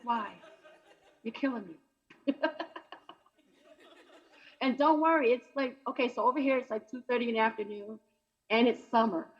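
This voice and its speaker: A woman's voice: on the high side, muffled recording. A woman doing a brash, chatty stand-up comedy set over a video call. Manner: brash, chatty, punchy delivery.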